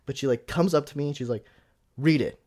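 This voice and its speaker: Talking a little fast at a normal middle pitch, a young podcast co-host tells a story in relaxed conversation. Fillers pepper his speech, and he acts out whoever he's quoting with abrupt loud bursts.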